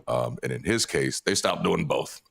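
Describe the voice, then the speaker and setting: A man's voice: a bass voice, expressive, moderate pace, vocal fry, a bit bright, slightly rough, no echo. A man co-hosting a casual live-stream chat, explaining at length and now and then mocking people in put-on voices.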